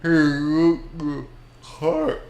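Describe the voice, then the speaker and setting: Very slow-talking halting man. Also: on the high side, sing-song, gravelly, a little mellow, highs cut off, slight background noise. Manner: halting, crude jokes. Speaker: podcast co-host. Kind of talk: casual chat. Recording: roomy echo.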